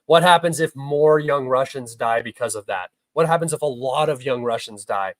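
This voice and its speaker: This clip again has the young streamer reading questions from chat and responding in an argumentative, blunt manner, swearing now and then during heated commentary. He speaks in a mid-range voice at a moderate pace, and the low-quality recording has no echo.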